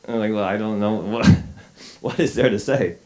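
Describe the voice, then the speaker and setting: A man's voice: on the low side, a little fast, a little mellow. A man in his forties, a journalist, telling a wry, self-deprecating story to a live audience, a little sick, with plenty of fillers and restarts. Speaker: journalist giving a talk. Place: lecture hall with a live audience.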